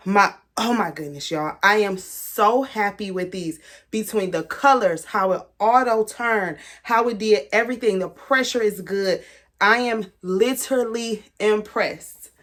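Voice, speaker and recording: A woman hosting a crafting vlog, chatting to her viewers as she demonstrates a product, excitable and gushing. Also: medium pitch, measured pace. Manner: chatty, addresses viewers as y'all. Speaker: crafting channel host. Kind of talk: casual product demo vlog.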